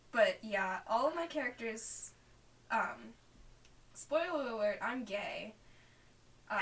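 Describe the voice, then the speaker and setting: A woman player chatting about her tabletop character, taking her time and laughing easily. Her voice is bright and fairly high, and it is picked up from a distance with faint noise behind it. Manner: laughing, unhurried, full of fillers. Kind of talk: casual chat about a tabletop game.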